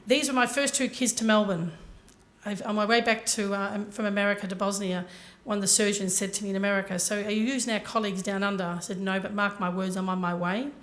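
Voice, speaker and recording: A woman's voice: mid-range voice, fairly even intonation, fast, a bit bright. A woman giving a motivational talk to a conference audience, telling her story earnestly and speaking directly to the listeners. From Ireland.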